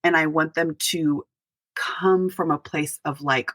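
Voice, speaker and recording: A middle-aged woman pastor, a podcast guest, speaking earnestly and reflectively, with pauses and restarts. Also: low voice, steady tone, fairly bright tone, no echo. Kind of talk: podcast interview.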